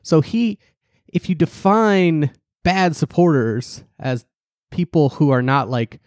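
Animated man riffing on a podcast. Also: slow pace, no room sound, studio quality. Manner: animated, ironic, restarts and leaps in pitch for emphasis; acts out quoted people in mocking voices. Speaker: podcast co-host. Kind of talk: casual political podcast chat.

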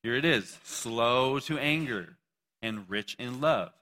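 Bright-voiced joking young preacher man. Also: mid-range voice, animated, slow pace. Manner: casual, joking, talks to the audience. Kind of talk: sermon.

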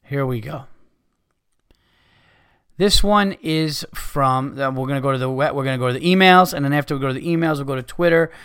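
A man's voice: medium pitch, a little fast, a bit bright, clean tone. A man hosting a podcast, ranting heatedly with lots of swearing. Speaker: podcast host.

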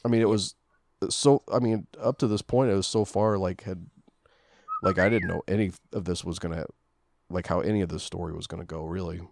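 A man's voice: low voice, fairly even intonation, brisk, gravelly, a little mellow. A man co-hosting a casual movie commentary podcast, talking hesitantly with many fillers. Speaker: podcast co-host.

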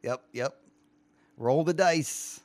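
A man's voice: fairly high pitch, takes it slowly, no room sound. A man hosting a casual chat, playfully quizzing his co-hosts and laughing often. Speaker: podcast host quizzing co-hosts.

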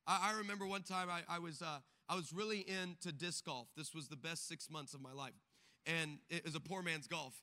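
A man's voice: a little high, a little fast, pushed and bright. A male pastor preaching a sermon, mixing emphatic exhortation with comic stories where he acts out the voices of the people in them. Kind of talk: sermon with humorous storytelling.

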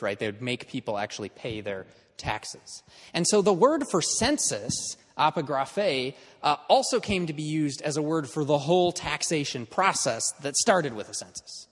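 A man's voice: fairly high pitch, husky, big-room sound. A man teaching an in-person class in a conversational lecture style, checking in with his students as he explains.

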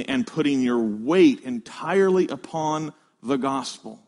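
A man preaching a sermon, emphatic, slowing down to stress key words and explaining a scripture passage he reads aloud. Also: mid-range voice, animated, a little mellow. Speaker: pastor.

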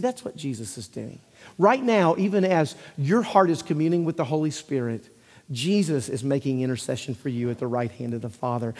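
A man preaches with a high, slightly husky voice. He is earnest, presses his listeners with rhetorical questions and repeats key phrases. His words ring with the long reverb of a church hall. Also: darkish tone. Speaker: pastor. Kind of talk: sermon.

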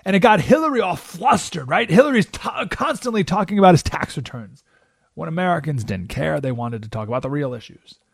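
A male radio host talks through a political monologue as a lively story, throwing in quick rhetorical asides. His voice sits a bit high with a gravelly edge and leaps up and down in pitch. The studio sound is close and dry. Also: dry recording. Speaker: radio talk show host.

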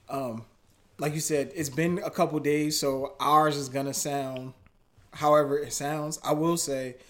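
A man co-hosting a casual podcast, chatting in a relaxed, slangy way with quick interjections. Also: on the high side. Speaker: podcast co-host.

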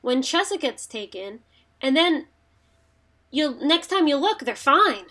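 A woman's voice: high-pitched, sing-song, unhurried, sharp tone. A woman co-hosting a casual podcast, rambling and chatty with frequent fillers. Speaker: podcast co-host. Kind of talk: casual chat.

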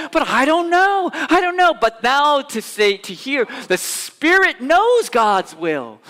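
A man preaches in a church sanctuary with a high, bright voice. His delivery is animated, rising to loud emphatic bursts and sinking into soft, hushed passages. A long hall reverb trails every phrase. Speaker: pastor. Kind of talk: sermon.

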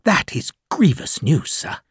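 A man's voice: measured pace, no echo, studio quality, natural voice. A man voicing an eager, anxious young male lieutenant in an audiobook, talking with fretful urgency. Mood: dismayed.

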